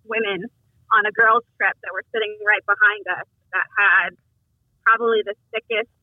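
A woman's voice: mid-range voice, steady tone, normal speed, dry recording. A woman nurse from Long Island with a Long Island accent, calling in and chatting in a friendly, chatty way with easy laughs. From Long Island, New York. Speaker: caller, nurse. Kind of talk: casual call-in chat. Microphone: phone call. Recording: tinny phone line.

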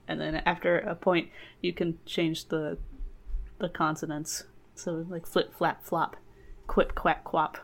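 A woman's voice: lowish voice, gravelly, slight background noise. A woman hosting a comedy podcast who retells a fairy tale in a casual, playful, digressive way. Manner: playful, digressive, laughs often.

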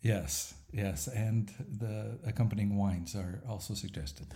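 Deep-voiced male pastor, mellow and thoughtful. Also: takes it slowly. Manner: thoughtful, with many "uh" fillers and a light laugh. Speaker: pastor and church planter. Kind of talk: conversational podcast interview.

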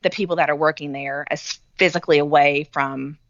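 A woman's voice: deep voice, steady tone, a little fast, dull audio. A middle-aged woman telling stories in a casual chat, with sarcastic asides. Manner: chatty storytelling, sarcastic asides.

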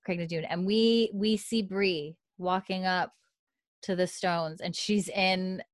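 A woman's voice: lowish voice, steady tone, slow pace, dry recording. A woman co-hosting a podcast, recapping a TV episode in a chatty way full of fillers. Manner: chatty, lots of likes, swears casually. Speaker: podcast co-host.

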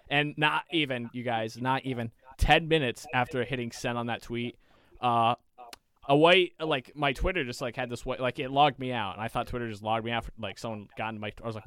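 A man's voice: mid-range voice, a little fast, fairly bright tone, smooth. A man co-hosting a casual podcast, telling stories in a rambling, profane way with lots of fillers. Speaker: podcast co-host.

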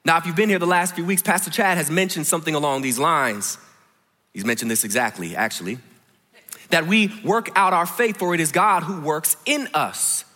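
A man preaching a sermon in a large church, his voice high and bright. He tells his story by dropping to a hush and then rising to emphatic points. A long reverb from the hall trails after his words. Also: moderate pace. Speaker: pastor.

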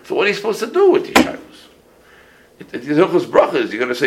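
A man in his sixties, a rabbi giving a casual halacha class full of stories, talking in an animated way with many restarts and Yiddish phrases. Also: fairly high pitch, fast talker, very noisy.

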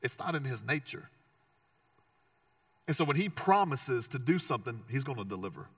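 A man's voice: mid-range voice, sing-song, normal speed, no room sound, studio quality, distant mic. A man preaching a sermon as pastor, conversational and joking, with emphatic repeated phrases.

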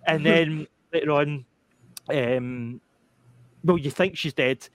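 A young man on a gaming podcast, telling a long story in a rambling, animated way with lots of fillers and restarts. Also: on the high side, slow, no room sound. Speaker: podcast panelist. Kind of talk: casual chat.

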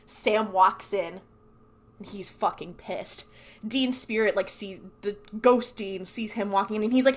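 A woman co-hosting a podcast recaps a TV episode in casual chat, acting out the lines. Her voice sits at medium pitch and moderate pace, and her storytelling is animated.

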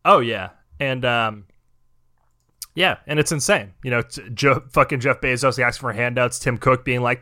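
A young adult man co-hosting a podcast, ranting and swearing in a casual chat and mocking people in quick impressions. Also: mid-range voice, sharp tone, no room sound, clean studio sound. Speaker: podcast co-host.

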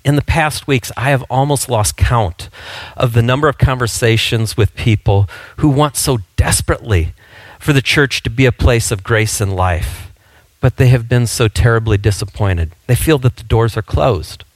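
A man's voice: medium pitch, normal speed, no echo. A male pastor preaching a sermon in a conversational, storytelling way, with frequent fillers and restarts.

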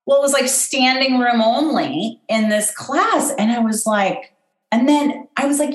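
A middle-aged woman, a guest who runs an event business, telling her story in a candid, self-deprecating and animated way. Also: a little high, measured pace. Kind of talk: personal storytelling in conversation. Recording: roomy echo.

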